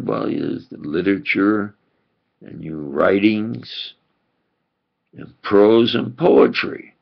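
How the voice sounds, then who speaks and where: Gravelly older New York preacher. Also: male voice, on the low side. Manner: rambling, emphatic and insistent. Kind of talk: rambling monologue to camera. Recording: dull lo-fi recording.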